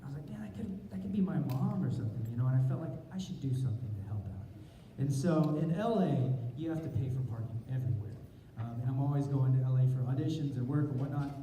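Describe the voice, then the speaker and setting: A man telling a comic story at a convention panel, animated and self-mocking, acting out his own inner thoughts. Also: medium pitch, fast, few pauses. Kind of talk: comic storytelling to a live audience. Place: large convention hall. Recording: roomy hall from far off, crowd noise. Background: audience laughter and murmur.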